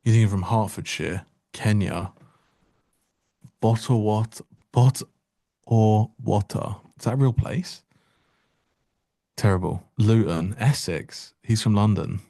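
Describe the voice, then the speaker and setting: A man's voice: sits low, vocal fry, warm tone, dry recording. A man giving casual live-stream trading commentary, joking wryly and answering chat aloud into a close mic.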